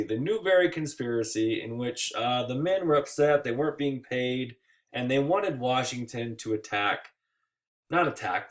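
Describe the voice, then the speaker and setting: A man giving a recorded history lecture over slides, casual and joking, with playful asides and quick put-on voices. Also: medium pitch, a bit bright. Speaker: history teacher.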